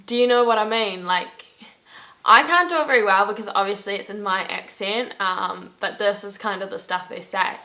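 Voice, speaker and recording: In a casual travel vlog, a young woman speaks straight to camera in a bright, forceful, mid-range voice. She's upbeat and chatty, rambling cheerfully, saying "like" in nearly every sentence and laughing at her own stories.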